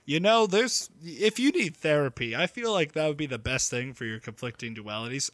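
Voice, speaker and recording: A man's voice: on the high side, animated, moderate pace, few pauses, fairly bright tone, no echo. A young man co-hosting a podcast, joking around and slipping into silly voices. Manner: playful, jokey, slips into voices. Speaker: podcast co-host. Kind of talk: casual banter.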